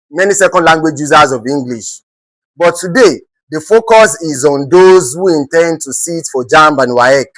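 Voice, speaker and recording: A man's voice: a little high, fairly bright tone, dry recording, rough recording. A man with a Nigerian accent teaching an exam-prep English lesson, often checking in with rhetorical questions and repeating words for emphasis.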